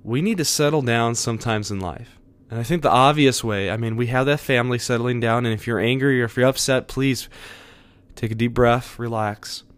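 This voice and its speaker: A man hosting a podcast episode, giving an earnest, conversational devotional talk with soft chuckles. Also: mid-range voice, fairly quick, smooth.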